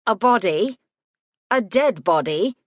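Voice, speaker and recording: A woman voicing a prickly male gremlin solicitor who talks in a sharp, scornful, clipped way. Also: medium pitch, lively intonation, unhurried, dry recording, studio quality, voice pushed up, close to an everyday voice. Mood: stunned.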